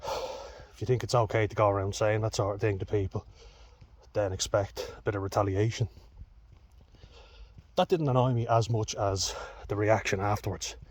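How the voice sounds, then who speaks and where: A man's voice: on the low side, steady tone, normal speed, long pauses, slight background noise. A young Irish man telling a personal story in a vlog, heated, candid and full of swearing. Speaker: vlogger.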